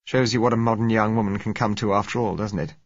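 Man doing a spirited young woman, wry, husky, dull recording. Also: on the low side, steady tone, quick pace, no echo, voice pushed up. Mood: rueful.

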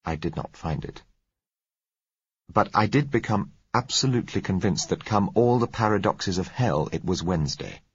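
A man reading a first-person novel aloud as an audiobook narrator, in a measured, tense storytelling manner, on a dull, lo-fi recording. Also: low voice, lively intonation, husky, dry recording.

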